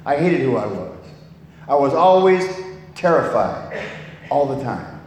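A man's voice: medium pitch, big pitch swings, measured pace. An older man from California telling his life story in a blunt, candid way, swearing freely and often restarting his sentences. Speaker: speaker sharing a recovery story. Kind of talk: personal testimony talk. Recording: echoey hall, long reverb, faint noise.

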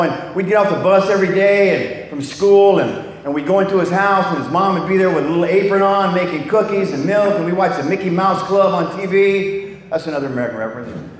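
A man's voice: sits high, fairly quick. An older man from California telling his life story in a blunt, candid way, swearing freely and often restarting his sentences. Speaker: speaker sharing a recovery story. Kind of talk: personal testimony talk. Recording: echoey hall, long reverb, faint noise.

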